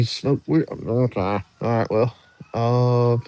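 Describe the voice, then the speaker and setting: A man's voice: medium pitch, lively intonation, a little slow, a little mellow, dull audio. A young man hosting a casual livestream, reading viewer questions aloud and answering them in an easygoing, drawling way. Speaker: livestream host answering chat.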